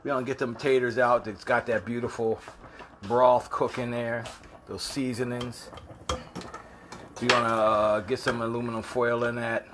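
A man hosting a casual home cooking show, excitable and joking, his voice jumping high when he gets worked up. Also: moderate pace, heavy background noise.

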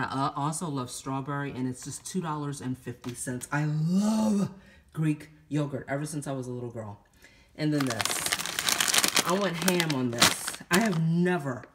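Breathless, chatty woman with a low voice. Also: a little hiss or hum. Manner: chatty, exclaims and laughs at her own finds. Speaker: vlogger showing a grocery haul. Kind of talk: casual chat to camera.

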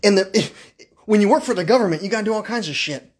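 A man with a high-pitched voice delivers an agitated, profanity-heavy livestream rant. He hammers the same questions again and again, trips over and restarts words, and keeps breaking into bursts of laughter. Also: expressive, quick pace. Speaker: live streamer. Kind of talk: unscripted livestream monologue.

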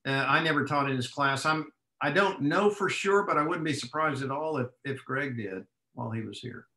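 A man's voice: a little high, normal speed, bright, forceful tone. A man with a Texas accent, speaking as a guest professor in a conversational interview. He reasons aloud thoughtfully and often restarts his phrases. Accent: Texan. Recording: echoey room.

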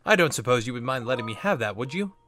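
An earnest young game trainee, weak but eager, talks himself up in a lively, swinging voice, as a man reads him out. He sounds self-deprecating and hopeful. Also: mid-range voice, fast, soft background music.

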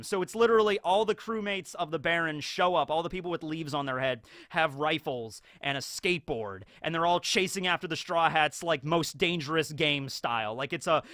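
Guy rambling thru a movie recap, bright voice, kinda high, says like a lot. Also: dry recording. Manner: rambling, lots of fillers like "like". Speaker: video host.

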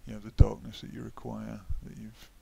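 Midlands guy explaining his digital painting, super gravelly voice, clicky noisy background. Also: on the low side, brisk. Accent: English Midlands. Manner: relaxed, thinking aloud while working, often drops to a mutter. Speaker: digital artist. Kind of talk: casual painting tutorial voice-over.

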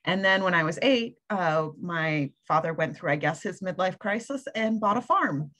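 A woman from the Midwestern United States, a podcast guest recounting her childhood in a relaxed way with many ums. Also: on the low side, moderate pace. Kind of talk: casual interview chat.

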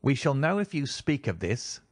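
A man voicing a sinister, giggling older kidnapper who speaks with soft menace, in a storybook reading. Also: mid-range voice, big pitch swings, moderate pace, no echo, clean studio sound. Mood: threatening.

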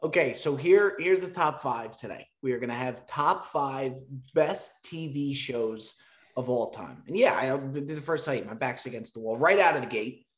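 A man's voice: mid-range voice, lively intonation, moderate pace. A young man hosting a casual podcast, teasing his co-hosts and laughing often. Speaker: podcast host.

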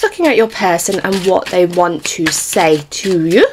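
A woman's voice: on the low side, big pitch swings, moderate pace, few pauses, noisy background. A British woman talks through a tarot reading in a casual, chatty way, reassuring her viewers as she goes. She sounds a little out of breath throughout, her pregnancy pressing on her lungs. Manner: chatty, reassuring, informal with occasional swearing. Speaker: tarot reader.

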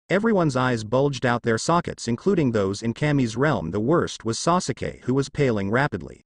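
A man narrating a fan fiction story in an expressive storytelling manner. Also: medium pitch, normal speed, few pauses, dry recording, studio quality.

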